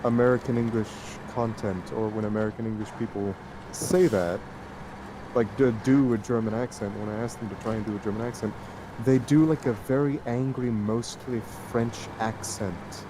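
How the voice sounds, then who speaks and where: A man's voice: lowish voice, steady tone, normal speed. Inquisitive man musing over game noise. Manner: inquisitive, teasing, ponders things aloud. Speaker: gamer on a multiplayer stream. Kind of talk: casual chat while gaming.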